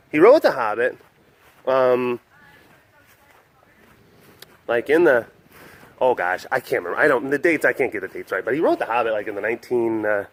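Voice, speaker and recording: A young man vlogging casually at a wild animal facility, telling a story in a chatty, rambling way full of restarts and little laughs. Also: medium pitch.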